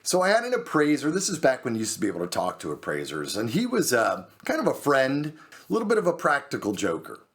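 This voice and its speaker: A man hosting a show, telling a true personal story in a lively way and acting out the voices of the people in it. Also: mid-range voice, quick pace. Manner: animated, acts out the people in his story. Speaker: host. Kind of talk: storytelling monologue.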